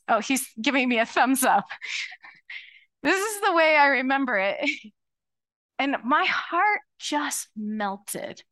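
Animated woman preaching in church. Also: high-pitched. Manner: animated, conversational preaching with quoted asides. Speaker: pastor. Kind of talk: sermon. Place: church sanctuary.

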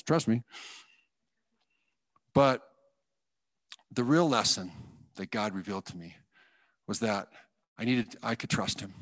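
A man giving a personal testimony in church, telling his story in an animated, self-deprecating way and acting out the thoughts he had. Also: medium pitch, no room sound. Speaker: guest speaker giving testimony.

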